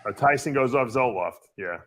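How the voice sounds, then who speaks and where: Lively, teasing male podcast host. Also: mid-range voice, a loud crowd. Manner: teasing, quick interjections. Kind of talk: casual podcast chat.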